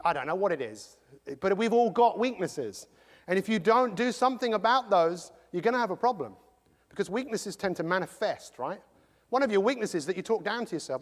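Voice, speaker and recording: A middle-aged man giving an energetic motivational talk, quizzing the audience as he goes. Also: high voice. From England. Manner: energetic, rhetorical, quizzes the crowd. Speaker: motivational speaker. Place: large conference hall. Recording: long hall reverb.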